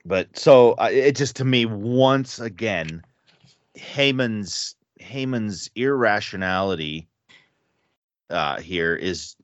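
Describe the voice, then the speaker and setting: A man's voice: fairly low pitch, animated, takes it slowly, dull audio. A man in a casual Bible study discussion, thinking aloud and hesitant, restarting his sentences often.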